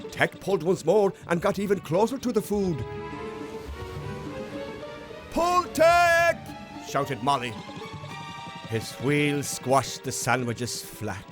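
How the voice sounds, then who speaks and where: A man gently narrating a children's storybook in an expressive, unhurried way. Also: fairly high pitch. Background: music.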